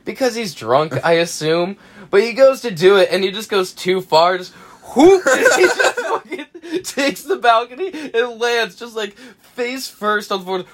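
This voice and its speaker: A man in his twenties, a podcast co-host, telling a rowdy story casually, swearing freely and acting out quotes loudly. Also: sits high, expressive, measured pace.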